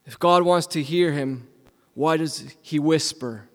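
A man preaching a sermon as a pastor, asking rhetorical questions and repeating lines, swinging from loud emphasis to hushed near-whispers. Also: a little high, takes it slowly. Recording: long hall reverb.

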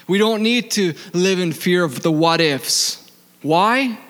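A man with an accent preaching a sermon. He asks the audience questions, answers them himself, and reads scripture slowly. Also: high voice, lively intonation, fairly bright tone, in a large hall. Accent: non-native accent.

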